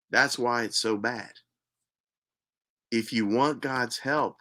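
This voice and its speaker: A man hosting his own show, preaching in a slow, repetitive, emphatic cadence. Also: mid-range voice, bright, forceful tone. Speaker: host. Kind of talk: preaching monologue.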